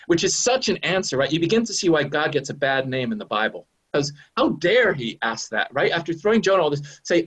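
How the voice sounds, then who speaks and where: A man from the USA, a minister giving a sermon in a conversational, animated way, often adding "right?". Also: a little high, moderate pace. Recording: dull lo-fi recording.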